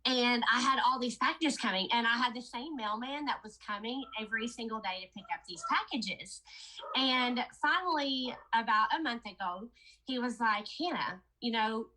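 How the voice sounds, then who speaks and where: A woman's voice: fairly high pitch, moderate pace, sharp tone, rough recording. A woman promoting a product, telling a chatty story to her sales team in a casual training talk. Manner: chatty storytelling, addressing listeners as "you guys".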